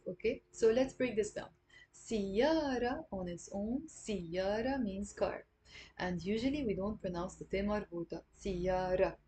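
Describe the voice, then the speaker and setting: A young woman with a Lebanese accent giving an online Arabic lesson, patiently repeating words slowly for learners. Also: mid-range voice, animated, dark tone, slight background noise.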